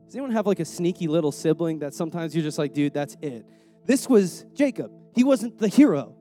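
A man's voice: a little high, animated, fairly quick, warm tone, soft background music. A young adult male preacher giving a sermon in a conversational, slangy way, often repeating words.

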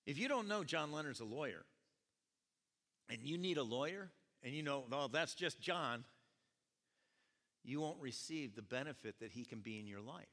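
A male pastor preaching a sermon, telling the story in an animated way and breaking into shouted quotes, in a church with long reverb. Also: medium pitch, brisk. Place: church sanctuary. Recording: long reverb of a large hall.

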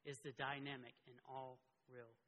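A man preaching a sermon as pastor, impassioned and climbing to high emotional peaks as he tells stories and reads scripture. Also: flat delivery, normal speed, pushed and bright, muffled recording. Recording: long hall reverb.

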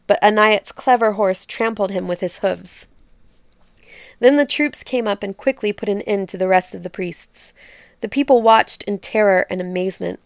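A woman reading a folk tale aloud as a storyteller, with expressive, measured narration. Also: mid-range voice, clear, resonant tone, dry recording, clean studio sound.

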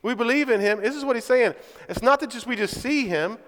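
In a reverberant church hall, a man with a very high voice preaches at a brisk clip. He speaks emphatically and keeps asking his listeners "right?" to check in.

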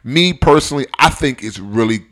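A man's voice: medium pitch, expressive, a little fast, a bit bright. A man of about forty hosting a casual discussion podcast, talking in a conversational, digressive way with joking asides. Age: around 40. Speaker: podcast host.

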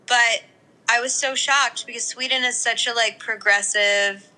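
A woman with a very bright, sharp, forward voice, chatting casually. She talks in a loose, conversational way, dropping "like" into most sentences. Everyday back-and-forth talk. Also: on the high side, steady tone, measured pace, low-quality recording. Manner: chatty, full of "like" fillers. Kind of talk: casual chat.

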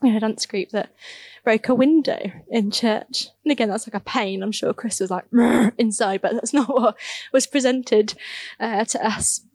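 A woman's voice: fairly high pitch, normal speed, darkish tone, dry recording. A woman, a youth ministry worker, telling casual, earnest stories in a church talk, laughing now and then and often saying "like". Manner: casual, earnest, laughs at her own stories, many fillers like "like". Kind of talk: church talk, personal storytelling.

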